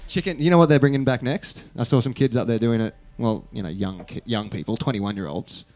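A man's voice: mid-range voice, brisk, a little mellow. A man with an Australian accent bantering between songs on a festival stage, laid-back and joking, laughing often. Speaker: band member.

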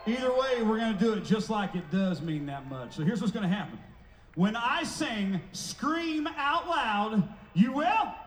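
A man fronting a band on an outdoor festival stage, talking to the crowd between songs like a showman, loud and playful. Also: high voice, big pitch swings, normal speed, a little hiss or hum. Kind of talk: stage banter at a live concert. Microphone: stage microphone through a PA. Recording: echoey live festival PA sound.

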